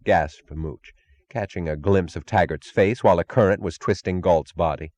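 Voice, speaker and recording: A man reading a novel aloud as an audiobook narrator, in a measured, dramatic delivery. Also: low voice, darkish tone. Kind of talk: scripted narration.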